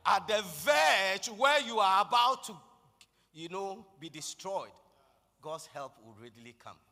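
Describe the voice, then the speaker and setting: Man, preacher, impassioned sermon, shouted declarations, very high voice, long hall echo. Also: big pitch swings, a little slow, gravelly.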